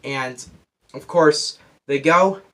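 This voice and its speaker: A man's voice: on the high side, very slow, pushed and bright. A man giving a casual spoiler review of a movie, out of breath, rambling and losing track as he restarts his sentences. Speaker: film reviewer.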